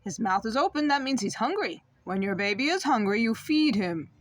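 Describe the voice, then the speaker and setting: A woman reading a picture book aloud, voicing a calm father bird who talks in a steady, matter-of-fact, reassuring way. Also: a little high, moderate pace, no echo.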